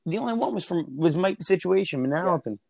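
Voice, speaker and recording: A man's voice: high voice, lively intonation, quick pace, gravelly, a crowd in the background. Chatty man from New Jersey on earbuds. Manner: storytelling, restarts, laughs easily. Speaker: podcast guest. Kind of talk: casual chat. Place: outdoor backyard barbecue.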